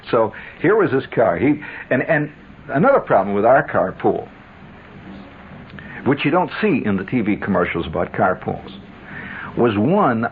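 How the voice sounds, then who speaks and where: A man hosting a radio show, telling stories in a wry, sardonic monologue with chuckling asides. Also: on the low side. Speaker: radio host. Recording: tinny old radio broadcast with faint hiss.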